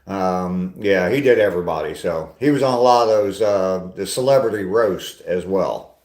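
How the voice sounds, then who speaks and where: Low-voiced older man chatting casually. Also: normal speed, darkish tone, reverberant. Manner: rambling, chatty, self-deprecating. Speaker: vlogger reading live chat. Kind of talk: casual walking live stream chat.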